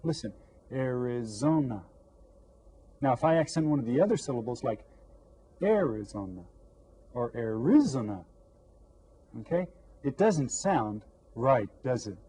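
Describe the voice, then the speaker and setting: Guy teaching little kids, drags out each word, mellow voice, faint room sound behind. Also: medium pitch, animated, slight background noise, rough recording. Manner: slow, drawn-out repetition of words. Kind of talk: classroom lesson to children.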